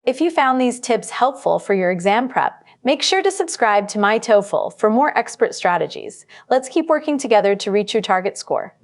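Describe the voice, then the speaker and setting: A woman narrating a scripted test-prep lesson as the instructor, in a measured, instructive way. She records as a studio voice-over. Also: a little high, very animated.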